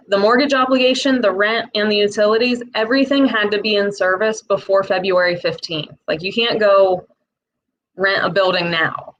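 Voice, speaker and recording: A woman with a Midwestern accent, talking casually to camera and explaining a small business loan program in a direct, chatty way with quick asides. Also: mid-range voice, a bit bright, slight background noise, low-quality recording. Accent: Midwestern American.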